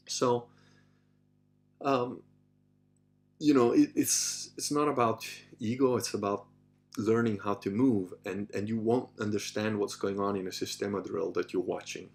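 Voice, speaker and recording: A man hosting a podcast, telling stories in a loose, animated way, swearing casually and acting out what others said. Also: medium pitch, moderate pace, vocal fry. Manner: animated, swears casually, acts out quoted voices. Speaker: podcast host. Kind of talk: casual anecdotal storytelling.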